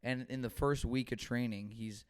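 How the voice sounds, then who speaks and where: A man's voice: mid-range voice, steady tone, normal speed, a little mellow, smooth. A young man co-hosting a podcast, telling stories in casual chat with lots of swearing and acted-out dialogue. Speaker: podcast co-host.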